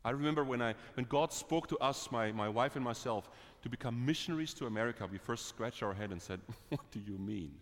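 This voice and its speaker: A man preaching and telling stories, swinging from bright, lifted moments to quiet, low asides with a chuckle. His voice sits at a middle pitch and rings out with a long tail of reverb, as if it fills a big church hall. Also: fairly quick, hardly any pauses. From Germany. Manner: lively, chuckling, swings between bright and hushed. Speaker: missionary preacher. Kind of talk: sermon with personal storytelling.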